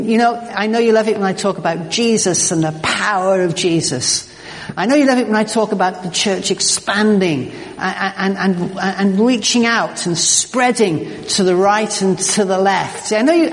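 A man's voice: sits high, moderate pace. Man preaching in echoing church. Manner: emphatic, animated, stumbling repeats. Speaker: pastor. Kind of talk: sermon. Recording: long church reverb.

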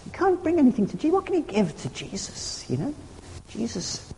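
A man's voice: very high-pitched, huge pitch swings, a little fast, a little mellow, slight background noise. A man preaching a sermon, earnest and conversational, with homely humorous asides. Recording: long hall reverb.

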